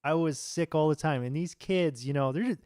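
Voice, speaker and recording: A man's voice: a little high, moderate pace, darkish tone, smooth, no room sound. Dry, profane man telling stories. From United States. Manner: profane, rambling storyteller. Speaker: podcast co-host. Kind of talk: casual chat.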